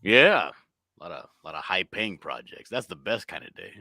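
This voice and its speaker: Deep, lively-voiced laid-back man. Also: moderate pace, no echo, studio quality. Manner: laid-back, swears casually. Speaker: guest comic letterer. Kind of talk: casual livestream chat.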